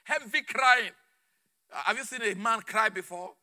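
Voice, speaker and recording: A man preaching a sermon with fervor, repeating phrases and swinging between shouts and low murmurs. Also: normal speed.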